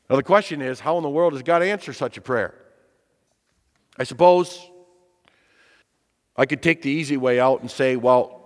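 A man's voice: mid-range voice, in a large hall. A man preaching a sermon, earnest and emphatic, asking his listeners rhetorical questions. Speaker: pastor.

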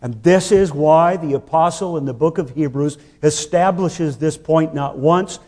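Man, sermon delivery, deliberate and emphatic, long hall reverb. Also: a little high, a little mellow. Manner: slow, emphatic, rhetorical questions. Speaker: preacher.

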